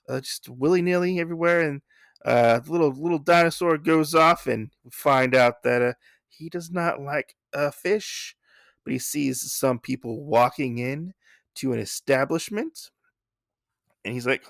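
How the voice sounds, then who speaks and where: Gravelly guy rambling thru a comic recap, dry close sound. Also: mid-range voice, measured pace, a bit bright, dry recording. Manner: rambling, restarts, swears casually. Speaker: podcast host.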